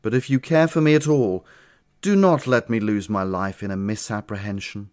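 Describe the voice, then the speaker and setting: A man's voice: mid-range voice, big pitch swings, moderate pace, dry recording, studio quality, lightly acted. A man playing an ardent, devoted young nobleman in an amateur audio drama, speaking with earnest, impassioned declamation. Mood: passionate.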